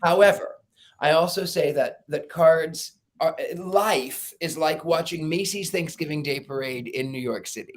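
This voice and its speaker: A middle-aged man talks as a guest in a relaxed interview, his voice placed a touch higher than most men's. He tells his stories with a lot of animation, acts out the people in them and laughs often as he goes. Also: measured pace. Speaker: psychic guest. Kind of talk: casual storytelling interview.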